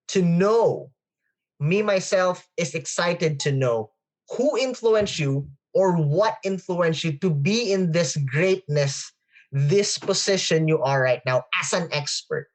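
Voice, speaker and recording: Podcast host on a video call, mid-pitched voice, excitable and gushing. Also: slow. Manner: excitable, effusive, laughs often, repeats phrases. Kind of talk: interview chat.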